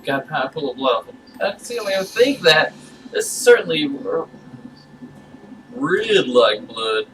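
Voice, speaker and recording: A man reading aloud and voicing a creepy, hunched male butcher who runs an inn, speaking with a lisp and drawn-out, falsely innocent emphasis. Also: a little high, animated, fairly bright tone, recorded from a distance, slight background noise, pitched above the performer's own voice, rough recording.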